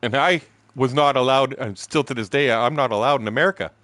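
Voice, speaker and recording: While playing a game on stream, a man in his sixties from Windsor, Canada, rambles through a story packed with profanity. His medium-pitched voice is fairly bright with no echo, a little fast, and his style is blunt, with frequent chuckles.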